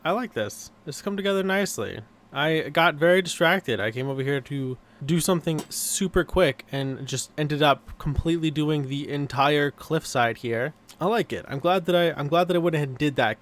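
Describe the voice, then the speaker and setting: A man giving casual, rambling commentary while playing a building game, often correcting himself and getting sidetracked. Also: on the high side. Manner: rambling, self-correcting, easily distracted. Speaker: gaming YouTuber. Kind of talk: casual let's-play commentary. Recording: background music.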